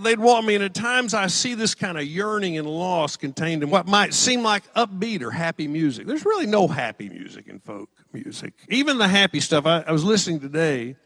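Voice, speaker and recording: A man's voice: on the high side, gravelly, a bit bright, dry recording. A middle-aged man preaching a sermon in a conversational storytelling way, lifting his voice for quoted lines. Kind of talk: sermon with personal stories.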